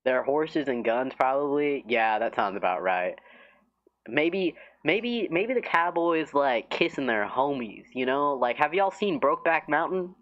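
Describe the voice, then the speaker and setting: A man's voice: mid-range voice, very animated, a little slow, muffled recording. A man hosting a casual live stream, rambling in a giggly, self-mocking way.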